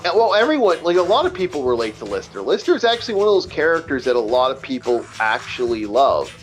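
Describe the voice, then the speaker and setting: A man's voice: mid-range voice, very animated, quick pace, soft background music. A man hosting a casual gaming chat, rambling and swearing with many stumbling restarts. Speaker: let's play host. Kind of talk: casual chat over gameplay.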